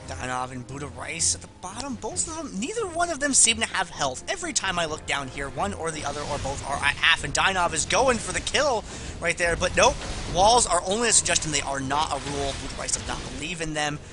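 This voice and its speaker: Man, esports caster, jokey and excitable, fairly high pitch, clear music underneath. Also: fairly quick. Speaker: esports commentator. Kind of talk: esports color commentary.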